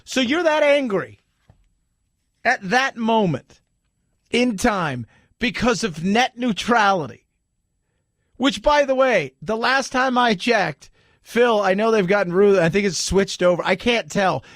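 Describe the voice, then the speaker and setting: Animated talk radio host, man. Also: sits high, measured pace, dry recording, clean studio sound. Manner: animated, mocking, jumps into exaggerated quoted voices.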